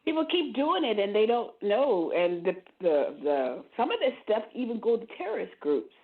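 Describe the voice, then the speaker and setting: Animated woman on a tinny phone line. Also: medium pitch, normal speed. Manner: animated, repeats words as she starts. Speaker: podcast co-host. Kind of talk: casual conversation. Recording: thin phone-line audio.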